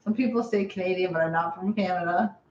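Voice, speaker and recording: A woman's voice: lowish voice, fast talker, a little mellow, slight background noise. A woman co-hosting a live stream, chatting casually and playfully with a Midwestern accent that has a touch of Texan. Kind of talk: casual chat. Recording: roomy, dull lo-fi sound.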